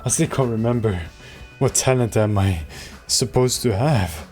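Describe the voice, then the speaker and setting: A man's voice: on the low side, lively intonation, unhurried, a little mellow, soft background music. A man voicing the reflective inner monologue of an uncertain young male student in a video game.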